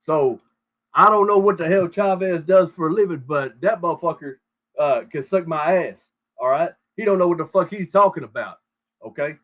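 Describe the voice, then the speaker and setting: A man's voice: on the high side, moderate pace, phone-quality sound. A man hosting a show, ranting crudely and rambling with heavy swearing over call audio. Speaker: show host. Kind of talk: profane casual rant.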